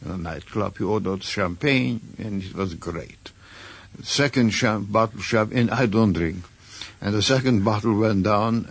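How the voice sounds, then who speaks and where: An older man with a Hungarian accent, a composer telling a lively anecdote as a radio interview guest. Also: on the low side, vocal fry. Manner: lively storyteller, acts out quoted voices.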